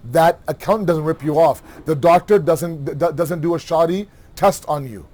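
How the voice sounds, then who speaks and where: A man giving a religious lecture, animated, asking rhetorical questions and acting out everyday dialogue. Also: on the high side, normal speed. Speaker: Muharram lecturer.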